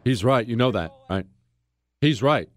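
A man's voice: medium pitch, animated, a little slow. A man hosting a talk radio show, delivering a blunt, emphatic monologue full of rhetorical questions.

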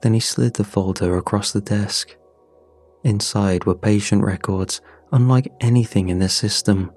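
A man narrating a scripted horror story in a measured, somber way. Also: lowish voice, fairly even intonation, a little mellow, soft background music.

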